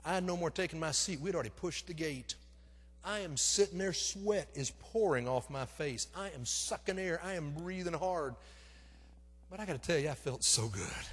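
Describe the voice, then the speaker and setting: A man preaching a sermon, telling a story dramatically and moving between loud urgency and hushed intimacy. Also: fairly high pitch, lively intonation, normal speed, husky. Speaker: pastor. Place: church sanctuary. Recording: reverberant church hall.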